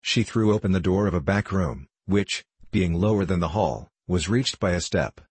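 A man narrating a storybook in a steady, measured reading. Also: deep voice, husky, dry recording. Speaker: audiobook narrator. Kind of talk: scripted narration.

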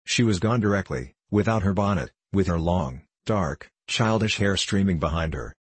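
A man reading a classic novel aloud in measured, even narration. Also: low-pitched, husky, no room sound. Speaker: audiobook narrator. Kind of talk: scripted narration.

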